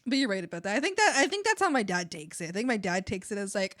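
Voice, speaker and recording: A woman's voice: mid-range voice, very animated, fast talker, a bit bright. A woman streamer chatting casually with her viewers, laughing often and swearing offhandedly.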